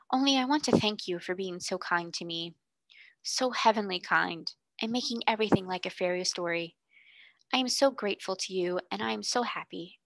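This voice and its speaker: A woman voicing a kind, gentle young girl who speaks softly and earnestly, often near a whisper. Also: mid-range voice, dry recording, close to an everyday voice. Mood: grateful.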